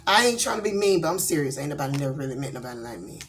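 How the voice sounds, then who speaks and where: Rapid-fire and with big pitch swings, a middle-aged Georgia woman with a slightly low voice talks bluntly to viewers in a casual tarot-reading vlog. She rambles candidly with plenty of fillers, against slight background noise.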